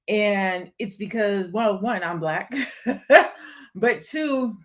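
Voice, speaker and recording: A woman's voice: medium pitch, lively intonation, slow pace. A young adult woman hosting a casual live stream, talking candidly and emphatically to viewers and greeting them by name. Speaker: live stream host and event promoter.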